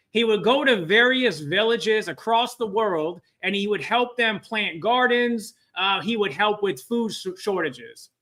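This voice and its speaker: A man's voice: high voice, sharp tone. A man presenting a live training webinar, telling a story and often quizzing his audience.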